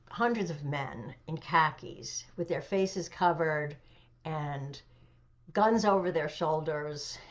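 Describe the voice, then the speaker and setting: Woman in her seventies, low voice, dull audio. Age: 70s. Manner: animated storytelling with pauses and fillers. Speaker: interview guest, memoir author. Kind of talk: personal storytelling in an interview.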